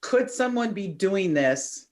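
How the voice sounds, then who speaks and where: A woman's voice: mid-range voice, animated, takes it slowly, a little mellow. A woman leading a question segment in a casual group chat, laughing and teasing the team.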